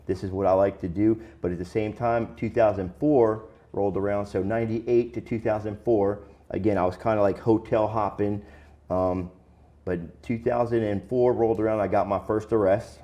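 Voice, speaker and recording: A man with a fairly low, mellow voice talks through his past in a loose, candid way. His speech is plain and full of slang, the way one talks in a relaxed sit-down interview. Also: normal speed. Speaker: guest sharing his recovery story. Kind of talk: casual conversational storytelling.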